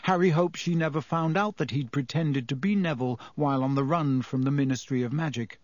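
A man narrating a storybook aloud in a steady, clear reading voice, recorded close to the mic. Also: a little high, a little fast, no room sound. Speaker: audiobook narrator.

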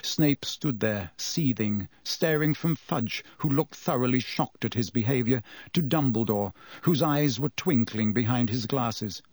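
A man narrating an audiobook with an expressive delivery. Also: mid-range voice, unhurried, husky, no echo. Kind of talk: audiobook reading.

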